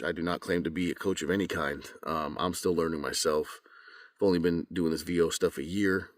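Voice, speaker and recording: A man's voice: deep voice, dry recording, studio quality. A young man, a voice actor, talking casually and a little rambling, with plenty of fillers. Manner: relaxed, rambling, many fillers. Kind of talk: casual vlog talk.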